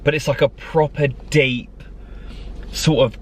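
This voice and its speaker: A man's voice: a little high, takes it slowly. Chatty man vlogging from a noisy car. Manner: animated, rambling, laughs often. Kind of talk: casual chatty vlog.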